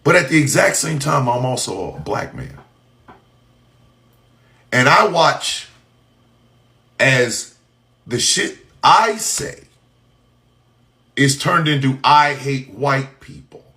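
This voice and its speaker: A man delivering an impassioned, profane monologue, shouting in bursts and firing off mocking rhetorical questions. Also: mid-range voice, very animated, slow pace, gravelly, pauses often.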